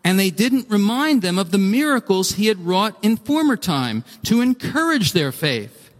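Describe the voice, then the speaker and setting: A man preaching a sermon, animated and acting out pleas, with frequent restarts. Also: sits high, moderate pace. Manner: animated, acts out pleading voices, restarts often. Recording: long hall reverb.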